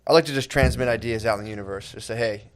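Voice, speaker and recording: A man trades casual comic banter as podcast co-host. He talks in a relaxed, rambling way at an ordinary mid pitch, peppering every thought with "dude.". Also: racing, smooth. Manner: laid-back, says dude a lot, rambling.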